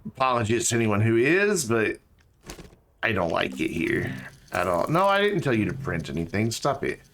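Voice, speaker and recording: A man's voice: lowish voice, big pitch swings, moderate pace, fairly bright tone, slight background noise. A man chatting casually while he streams a game, joking and talking to objects in it. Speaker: live streamer. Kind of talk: casual gameplay stream chat.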